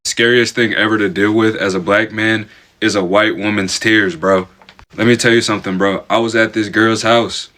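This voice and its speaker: A man's voice: on the low side, fairly even intonation, moderate pace, sharp tone. A man telling a personal story casually to camera, chatty and stammering. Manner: chatty, repeats "bro", stammers.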